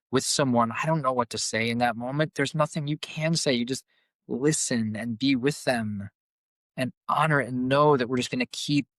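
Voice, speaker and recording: A man's voice: medium pitch, a bit bright, dry recording. A man working as a coach and group facilitator, speaking earnestly in a podcast conversation and often repeating words as he searches for the next one.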